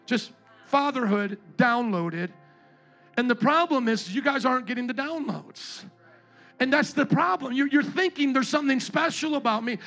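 Pastor, male, thirties, high voice, passionate sermon with faint music behind. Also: normal speed. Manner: impassioned, swings from quiet storytelling to loud exhortation.

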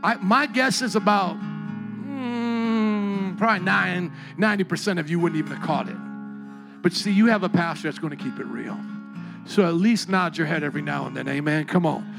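Gravelly high-voiced preacher. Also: male voice, a little fast, over music. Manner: animated preaching, jokes with the congregation, acts out voices. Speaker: pastor. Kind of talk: sermon.

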